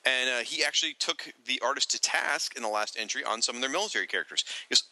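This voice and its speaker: A man's voice: medium pitch, fast, few pauses, sharp tone, no room sound, poor audio. A man co-hosting a podcast in casual chat, reading listener comments, laughing often and trailing off into restarts.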